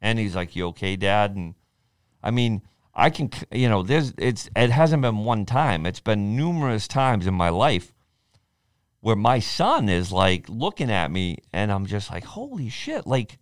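A man in his forties with a fairly low voice speaks at a measured pace in clean studio sound with no echo. Chatting casually on a podcast, he's an animated storyteller who acts out the quoted speech in his stories.

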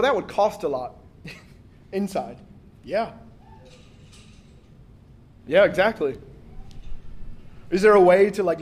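A man with a fairly high voice gives a church sermon in a loose, conversational way. He jokes often and acts out little exchanges of dialogue as he goes. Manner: casual, joking delivery with acted-out quotes and frequent 'like'. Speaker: pastor.

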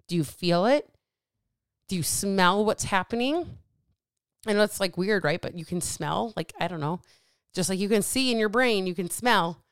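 A woman hosting a podcast alone from a small dark office, asking repeated rhetorical questions in a fired-up motivational monologue. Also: medium pitch, smooth, no room sound, studio quality. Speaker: podcast host.

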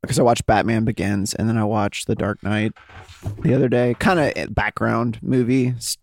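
A man's voice: on the low side, fairly even intonation, normal speed, gravelly. A man co-hosting a podcast, talking in joking, rambling banter. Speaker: podcast co-host. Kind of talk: casual chat.

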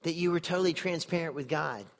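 Speaking fast in a slightly high, somewhat bright voice, this preacher keeps his sermon earnest and conversational. He regularly turns to the audience with questions.

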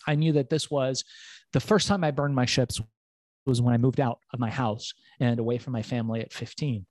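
A middle-aged man tells a story as a podcast guest, swinging into other people's voices as he quotes them and swearing as he goes. His voice sits at an ordinary middle pitch. The recording is close and dry, with no room sound. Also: darkish tone, dry recording.

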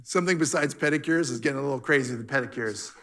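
A man's voice: mid-range voice, rapid-fire, fairly bright tone. A man leading a Father's Day church talk, playfully teasing the congregation with questions. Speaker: church speaker. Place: church hall.

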